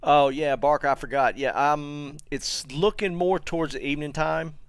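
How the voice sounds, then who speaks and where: A man runs a casual live game stream and chats with viewers between plays. His voice is smooth and clear, recorded close and dry. He talks loosely, with plenty of fillers and restarts. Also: on the high side, no room sound. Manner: relaxed, chatty, halting with many fillers and restarts. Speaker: streamer host.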